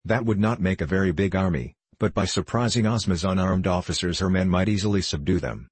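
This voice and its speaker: A man narrating a children's fantasy book aloud in a steady storytelling manner. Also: low voice, brisk, slightly rough, no echo. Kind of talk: audiobook narration.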